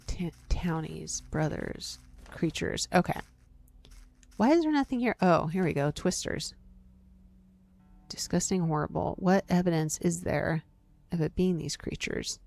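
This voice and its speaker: A woman's voice: lowish voice, animated, measured pace, gravelly, darkish tone. A woman casually commenting as she plays a story game, reading its text aloud, talking to herself and her viewers, and reacting with surprise. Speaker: gaming video host.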